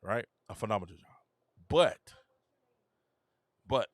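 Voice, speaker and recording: A man hosting a sports reaction show, ranting excitably, addressing viewers directly and often breaking into shouts and laughter. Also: fairly low pitch, takes it slowly, dry recording. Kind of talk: animated sports reaction rant.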